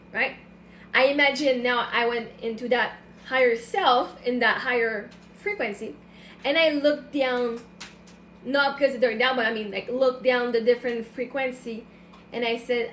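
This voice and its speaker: A woman with a high voice chats on a late-night phone livestream. Her talk rambles emotionally through fillers and restarts. The room is echoey, with faint noise behind her. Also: fairly even intonation, measured pace, a bit bright. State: tearful at times. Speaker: livestream host.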